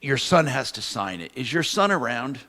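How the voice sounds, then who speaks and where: A man's voice: medium pitch, big pitch swings, moderate pace, sharp tone. A middle-aged man hosting a live call-in radio show, pressing a caller with firm questions. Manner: firm, pressing questions, then reads sponsor spots. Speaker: consumer advocate radio host.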